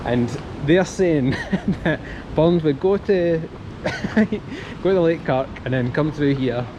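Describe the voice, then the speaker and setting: A man with a Scottish accent giving a casual walking tour outdoors in a town centre, chatty and jokey, reading facts aloud in a quiet voice. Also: fairly high pitch, lively intonation, takes it slowly, lo-fi sound. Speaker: streamer on a guided town walk. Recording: outdoor street noise, traffic.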